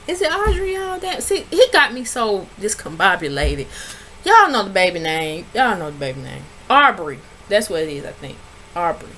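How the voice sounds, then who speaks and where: Sassy woman recapping reality TV. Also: a little hiss or hum. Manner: animated, sassy storytelling with big pitch jumps when quoting people. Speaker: reality TV reviewer. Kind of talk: casual recap vlog.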